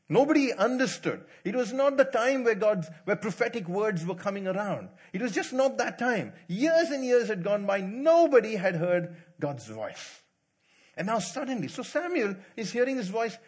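A man preaching a sermon in a church, telling stories and acting out the people in them, swinging from loud to hushed. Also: high voice, husky. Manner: animated storytelling, acts out quotes, swings loud to hushed. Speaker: pastor.

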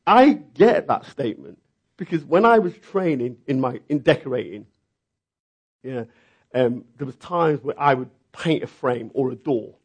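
A man preaching a sermon, telling the story with lively, acted-out reactions. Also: medium pitch, a little slow, slightly rough. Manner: animated storytelling, acting out reactions.

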